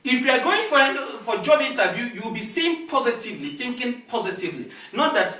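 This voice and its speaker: A male pastor preaching a sermon with lively call-and-response, recorded in a church hall from a distance. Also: very high voice, quick pace, few pauses. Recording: echoey hall, distant mic, faint noise.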